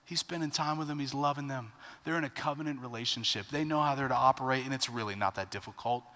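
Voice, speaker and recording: A man in his thirties preaching a sermon as pastor, telling a family story with big swings between hushed asides and loud punchlines. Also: mid-range voice, fast. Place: church sanctuary. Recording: reverberant church hall.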